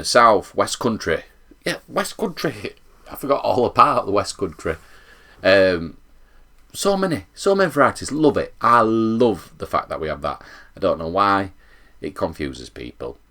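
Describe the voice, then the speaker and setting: Casting note: South Yorkshire bloke, lowish voice, animated, rambling, casual vlogger. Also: male voice. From England. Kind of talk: casual reaction vlog.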